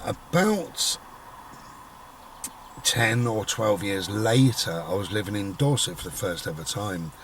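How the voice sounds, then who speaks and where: A middle-aged man, telling a personal story in a rambling, casual way. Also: lowish voice. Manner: rambling, conversational, voices quoted people. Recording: voice a bit far from the mic, faint background noise.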